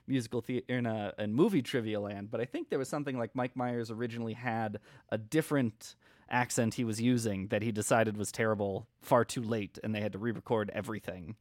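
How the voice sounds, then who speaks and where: A man's voice: on the low side, steady tone, fairly quick, a little mellow, no room sound, clean studio sound. A man co-hosting a podcast in casual chat, talking freely, laughing often and trailing off mid-thought. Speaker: podcast co-host.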